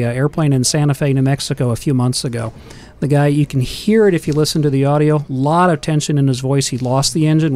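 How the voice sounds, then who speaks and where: A man explaining aviation safety in a calm, steady manner during a casual panel talk. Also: on the high side.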